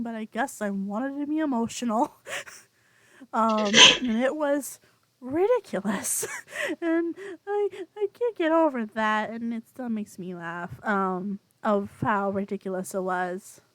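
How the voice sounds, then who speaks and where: Higher-voiced woman chatting casually. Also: dry recording. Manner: rambling, laughs often, many fillers. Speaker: podcast co-host. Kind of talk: casual chat.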